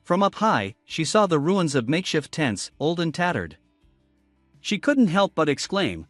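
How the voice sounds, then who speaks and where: A man reading a scripted comic recap narration in a steady storytelling way. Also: fairly high pitch, a little slow, dry recording. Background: faint background music.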